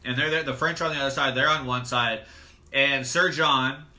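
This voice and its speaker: A man's voice: medium pitch, steady tone, brisk, pushed and bright. A young adult man co-hosting a casual movie review podcast, retelling the plot at length in a loose, profane way. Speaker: podcast co-host.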